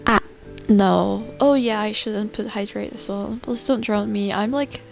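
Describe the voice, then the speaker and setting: Giggly young woman streamer, slow talk. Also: medium pitch, gravelly. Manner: giggly, rambling, swears casually. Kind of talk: casual live-stream chat. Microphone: close desk mic. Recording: live stream with faint music. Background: faint background music.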